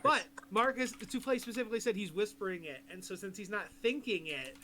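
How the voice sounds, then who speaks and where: Male DM, high and bright voice, relaxed and quick to laugh while walking players through the rules. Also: a little hiss or hum. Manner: laid-back, laughs often, explains rules patiently. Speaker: game master. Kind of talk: running a tabletop game online.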